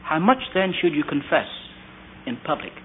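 On a tinny, phone-like old recording with slight background noise, a man preaches a sermon in a high-leaning, animated voice at a moderate pace. He tells stories full of quoted asides and rhetorical questions.

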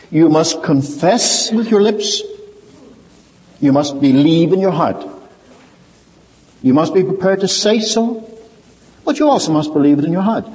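An older man preaching a sermon, telling stories and swinging between quiet low asides and raised, emphatic points. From Ireland. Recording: reverberant hall.

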